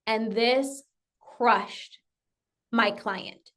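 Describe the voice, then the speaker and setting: A woman's voice: sits high, a little slow, long pauses. A woman coach giving an emphatic motivational talk, often acting out her client's thoughts and repeating phrases for effect.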